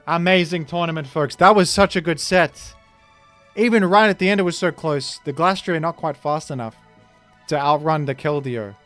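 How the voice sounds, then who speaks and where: A man calls a live online game tournament as its host, his slightly raised voice full of playful hype. He jumps from loud excitement to a softer, rambling sign-off. Faint music plays behind him. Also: a little high. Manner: excitable, playful, swings from shouting hype to quiet wrap-up. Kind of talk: live esports commentary.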